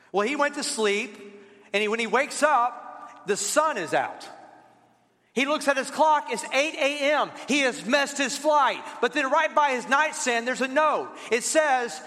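A man preaching a sermon as pastor, telling lively stories and calling on the congregation to read along. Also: high-pitched, moderate pace. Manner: lively storytelling with asides to the congregation. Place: church. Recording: reverberant church hall.

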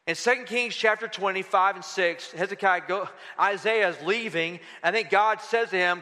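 A pastor preaches a sermon to his congregation in a church sanctuary, emphatic and packed with rhetorical questions, with church-hall reverb on the recording. His voice sits high, bright and forceful, at normal speed with hardly any pauses.

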